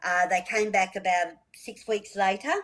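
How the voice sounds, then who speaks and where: Older woman, radio guest, lively storyteller, acts out dialogue, mid-pitched voice. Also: normal speed, poor audio. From Australia. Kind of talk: storytelling interview.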